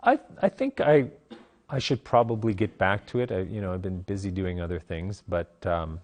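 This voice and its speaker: A middle-aged man, a playwright guest in a casual interview, telling animated stories and laughing often. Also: deep voice, normal speed.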